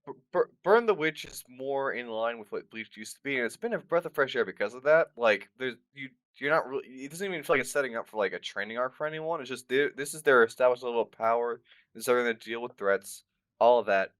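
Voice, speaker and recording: A young man co-hosts a podcast in a lively, swooping voice. He stumbles, restarts his sentences and piles up fillers as he chats. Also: mid-range voice, dry recording. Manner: animated, halting, many restarts. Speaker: podcast co-host. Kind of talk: casual podcast chat.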